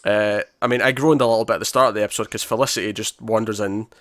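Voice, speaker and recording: A man's voice: lowish voice, rapid-fire, no room sound, clean studio sound. A man co-hosting a podcast in casual chat, acting out lines from scenes. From Scotland. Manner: animated, acts out lines from scenes. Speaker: podcast co-host.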